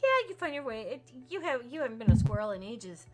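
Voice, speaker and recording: A woman's voice: fairly high pitch, big pitch swings, quick pace, over loud music. A woman running a tabletop role-playing game, joking, swearing and breaking into laughter. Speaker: game master. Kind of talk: casual tabletop game narration.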